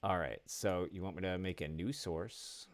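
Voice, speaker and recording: A man's voice: deep voice, dry recording. A tipsy man hosting a podcast, rambling and swearing as he sets up his stream in casual chat. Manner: rambling, swearing, halting restarts. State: drunk. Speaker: podcast host.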